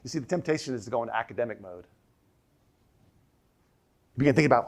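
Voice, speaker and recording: A man preaching a sermon as pastor, emphatic, repeating key lines and dropping his voice low for the quoted question. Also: animated, fast, gravelly, pauses often, a little mellow. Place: church sanctuary.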